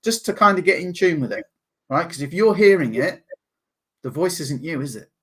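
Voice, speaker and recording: English male podcast guest, upbeat, animated, laughs often. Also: a little high, moderate pace, husky. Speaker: guest, NLP practitioner. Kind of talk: podcast interview.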